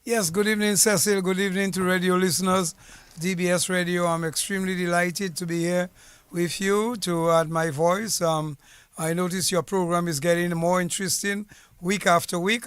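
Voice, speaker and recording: A man's voice: sits high, a bit bright, smooth, no room sound. A man from Dominica, a former police officer telling his family history in an earnest, formal, rambling way on a radio interview in a studio. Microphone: studio mic with headset.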